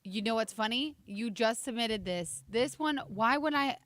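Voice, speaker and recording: A woman's voice: on the high side, expressive, normal speed, fairly bright tone, dry recording. A woman co-hosting a morning radio show, teasing her colleagues and laughing a lot at a studio mic. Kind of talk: casual morning-show banter.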